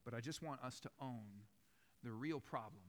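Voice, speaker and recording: A man's voice: mid-range voice, moderate pace. Casually preaching man, conversational. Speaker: pastor. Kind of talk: sermon. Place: church.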